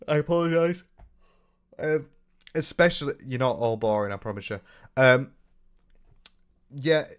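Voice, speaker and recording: A young man with a sore, hoarse throat, chatting loosely on a live stream from his room, swearing freely and reading out viewer comments. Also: medium pitch. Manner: loose and rambling, swears freely, trails off into ums. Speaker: livestreamer.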